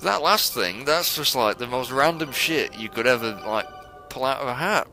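Young man, let's play commentary, animated voice, bright, swears a lot, game music behind. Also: mid-range voice, moderate pace. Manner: excitable, swearing, talks to viewers. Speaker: gamer playing a stealth game.

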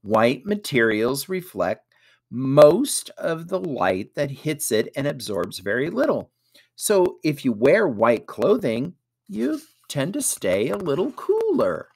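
Man reading an eager grown-up teacher type, lively and unhurried. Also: on the high side, gravelly, slightly rough, pitched above the performer's own voice, exaggerated voice. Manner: enthusiastic, explanatory. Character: eager patient adult man explaining science.

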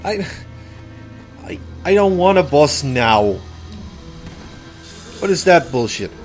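A man's voice: on the high side, big pitch swings, takes it slowly, faint music behind. A man hosting a gameplay video, commenting sarcastically with jokey exclamations and laughs. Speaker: let's play host.

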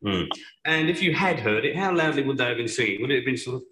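An actor playing a pompous, oblivious middle-aged desk officer in a comedy sketch who keeps turning a report into preaching. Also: male voice, medium pitch, lively intonation, a crowd in the background, close to an everyday voice. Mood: probing. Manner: pompous, deliberately mishearing, calls her madam. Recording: roomy, noisy video playback.

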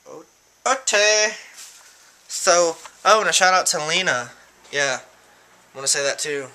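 Young guy vlogger, fairly high, very bright voice, rambling, giggly shout-outs. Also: a little slow, pauses often. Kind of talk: casual shout-out vlog. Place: room at home.

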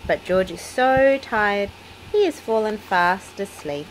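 A woman reading a children's picture book aloud in an expressive storytelling way. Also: mid-range voice, slow, a little hiss or hum, low-quality recording.

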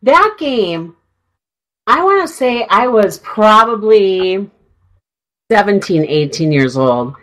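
Chatty middle-aged woman, lively voice. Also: mid-range voice, takes it slowly, pauses often, poor audio. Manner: rambling storyteller, many fillers and restarts. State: sinus infection, clearing throat. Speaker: radio show co-host. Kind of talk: casual chat. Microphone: studio mic.

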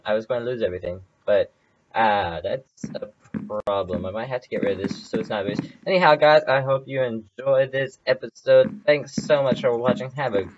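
A man's voice: lowish voice, dull audio, background noise. A man hosting his own channel, giving rambling, casual let's-play commentary full of fillers as he plays. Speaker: gaming channel host.

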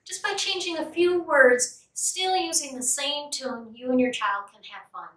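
A woman leading a music and movement program for toddlers, singing simple songs and talking in a slow, sing-song, cheerful way. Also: high voice, sharp tone, far from the mic. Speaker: children's music program leader. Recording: echoey room, voice a bit off-mic.

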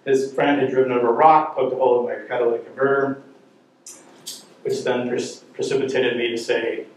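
A man's voice: mid-range voice, lively intonation, normal speed, pauses often, a little mellow, slight background noise. Middle-aged man teaching a church parenting class. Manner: jokey, anecdotal, asks the audience questions. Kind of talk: humorous storytelling talk to a class. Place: church room with an audience. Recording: very echoey room, voice from far off.

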